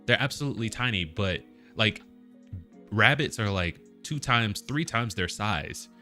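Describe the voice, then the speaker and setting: A man hosting a casual stream chat, easygoing and quick to laugh. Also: fairly low pitch, lively intonation, pushed and bright, soft background music. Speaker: host.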